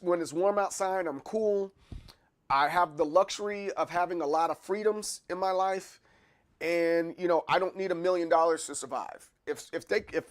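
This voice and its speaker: A man hosting a livestream in casual chat, loose and opinionated as he reacts to his chat. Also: on the high side. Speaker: livestream host.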